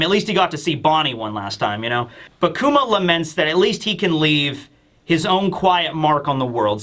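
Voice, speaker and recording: A man reviews a manga chapter in casual, excitable commentary. He often bursts into shouts. His voice is high, bright and forceful.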